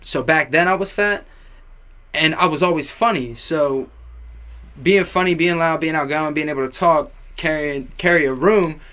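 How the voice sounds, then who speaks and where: A young man with a slightly high voice tells a story as a guest on a casual podcast. He is animated and foul-mouthed, and his delivery jumps around and is full of fillers. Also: normal speed.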